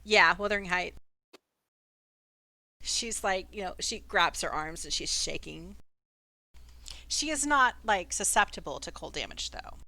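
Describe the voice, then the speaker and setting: Bright-voiced woman running a tabletop game. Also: lowish voice, expressive, a little slow, pauses often, no room sound. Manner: chatty, playful narration. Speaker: dungeon master.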